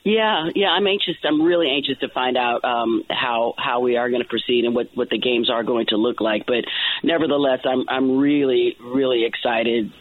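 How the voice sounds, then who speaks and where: A man's voice: medium pitch, steady tone, no room sound. A man who announces at a ballpark, calling in to chat, often stopping and repeating his words. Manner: halting, restarts and repeats words. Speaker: ballpark public address announcer. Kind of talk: casual phone-in chat. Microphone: telephone. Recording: tinny phone line.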